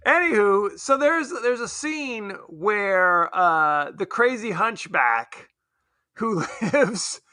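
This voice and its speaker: Bright high-voiced man, joking podcast chat. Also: lively intonation, slow, no echo, clean studio sound. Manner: joking, laughs often, puts on silly voices. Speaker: podcast co-host. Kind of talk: casual film review chat.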